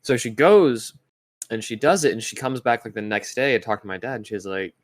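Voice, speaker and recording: In a dry recording, a young man with an expressive, mid-range voice tells a story briskly while co-hosting a casual podcast. He rambles, using lots of fillers and restarting sentences.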